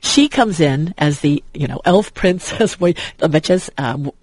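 Husky, rambling enthusiastic man. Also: on the high side, animated, unhurried, no echo, rough recording. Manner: rambling, with many restarts and fillers. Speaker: guest. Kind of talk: enthusiastic fan chat.

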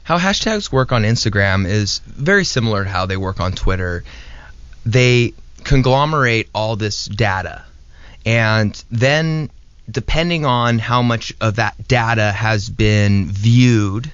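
A man's voice: lowish voice, measured pace, a bit bright, smooth, dry recording. A man who is a knife maker, a guest on a show, explaining things steadily step by step in casual talk. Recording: dull lo-fi dry recording.

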